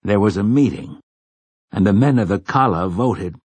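A man's voice: on the low side, moderate pace, darkish tone, breathy edge, no room sound. A man voicing a humble, polite young farmer who speaks with deference. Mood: deferential. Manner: deferential, courteous.

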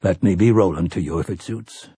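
A man voicing a calm, formal gunslinger who speaks mildly and deliberately. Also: low voice, husky, no echo, studio quality. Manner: mild, measured, formal and old-fashioned.

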